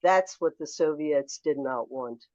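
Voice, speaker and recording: A woman in her seventies, a memoir author telling lively anecdotes as a guest in a podcast interview. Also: deep voice, measured pace, no room sound, lo-fi sound. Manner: animated anecdotal storyteller.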